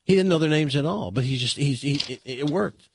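A man's voice: on the high side, a little fast, a little hiss or hum. A man hosting a radio show, chatting casually and telling a long joke with dramatic pacing. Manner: animated, dramatic storyteller.

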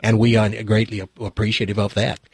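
A man doing an impression of a famous Boston senator, in a deep, formal, drawn-out voice with a Boston accent. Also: flat delivery, darkish tone, close to an everyday voice. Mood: gracious.

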